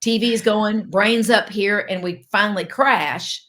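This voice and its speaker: A woman's voice: mid-range voice, a little slow, a bit bright. A woman doctor, a podcast guest, explaining health habits and acting out what people say to themselves. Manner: explanatory, acts out quoted thoughts. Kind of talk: podcast interview.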